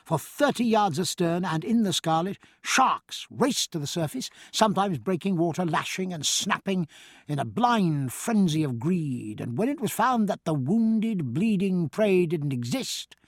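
A male audiobook narrator reads with a lively, rising and falling delivery. His voice is slightly husky, and the close recording is dry with no room sound. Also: high-pitched, no echo. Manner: measured, expressive storytelling. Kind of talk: scripted narration.

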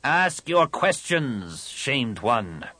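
A man's voice: mid-range voice, big pitch swings, a little slow, vocal fry, slightly rough, no room sound, pitched above the performer's own voice, exaggerated voice. A man voicing a contemptuous alien priestess in an audiobook. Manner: scornful.

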